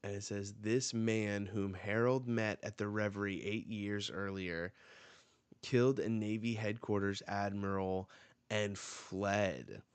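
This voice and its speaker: Slow, low-voiced man reacting to manga. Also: smooth, dry recording. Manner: reads dialogue aloud with quick reactions. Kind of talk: live reading reaction.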